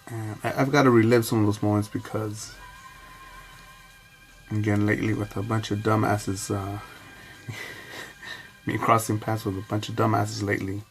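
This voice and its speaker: An adult man vlogging in a rambling, profane, reflective monologue full of pauses and fillers. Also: fairly low pitch, flat delivery, faint music behind.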